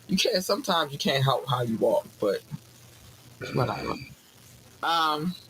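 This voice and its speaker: A man talks in a slightly high voice, loose and profane, preaching like a mock sermon. Quiet noise hums behind him. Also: unhurried, rough recording. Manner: profane, animated, preachy asides. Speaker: podcast host. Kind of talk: casual rant with mock sermon.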